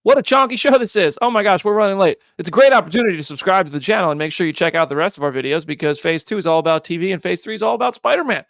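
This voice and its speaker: A man hosting a casual movie news chat show, animated and quick to laugh. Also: high voice, creaky, dry recording, clean studio sound. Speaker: podcast host.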